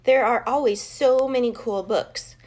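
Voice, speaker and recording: A woman's voice: fairly high pitch, unhurried, a little mellow. A woman voicing a confident, cheerful young schoolgirl in a storybook, self-assured in tone.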